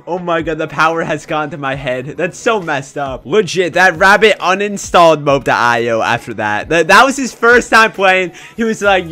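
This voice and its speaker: A young man commentating his own gameplay in a casual, excitable way, often breaking into shouts. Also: fairly high pitch, moderate pace, hardly any pauses, soft background music. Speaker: gaming YouTuber.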